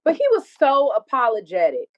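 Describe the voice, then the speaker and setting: A woman's voice: a little high, sing-song, fairly quick, dull audio. A woman telling an emotional personal story, acting out dialogue and swearing freely. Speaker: guest telling her story.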